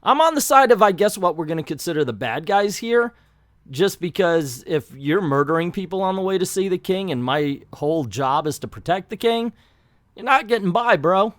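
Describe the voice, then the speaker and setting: A man's voice: high-pitched, expressive, moderate pace, fairly bright tone, no echo, clean studio sound. A man casually recapping a comic book, joking and slangy as he acts out the quotes. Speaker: comic book video host.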